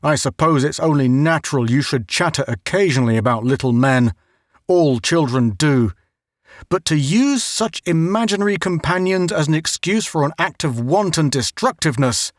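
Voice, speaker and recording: A man's voice: fairly high pitch, expressive, moderate pace, no echo, studio quality, natural voice. A man voicing a stern, sarcastic middle-aged scientist father, who scolds in a storybook reading. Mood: scolding.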